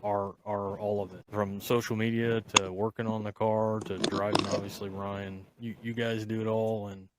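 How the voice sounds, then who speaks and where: A man's voice: lowish voice, flat delivery, normal speed, hardly any pauses, very noisy. A man hosting a podcast in casual chat, eagerly congratulating his guests. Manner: enthusiastic, warmly congratulating. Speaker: podcast host.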